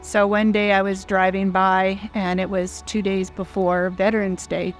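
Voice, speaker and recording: An older woman in her sixties tells her story in an earnest, heartfelt, plain-spoken way. Her voice sits at a middle pitch and stays quite flat and level. Soft music plays faintly behind her. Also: measured pace. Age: 60s. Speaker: foundation founder. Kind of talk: personal storytelling.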